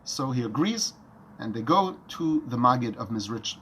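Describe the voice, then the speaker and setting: A man telling a story in a lesson as a Torah teacher, talking in an animated, lively way. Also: medium pitch, moderate pace, slight background noise.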